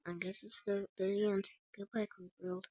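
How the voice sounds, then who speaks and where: A woman's voice: moderate pace, fairly bright tone, no echo. Woman doing a growling enraged green brute. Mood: menacing. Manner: low, growly and menacing. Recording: dull dry lo-fi recording.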